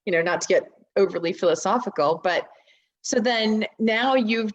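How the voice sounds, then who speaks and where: A woman's voice: medium pitch, moderate pace, lo-fi sound. A woman hosting an interview, affirming and summing up her guest's story in a reflective way. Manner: affirming listener, reflective summaries. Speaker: host. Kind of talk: interview conversation.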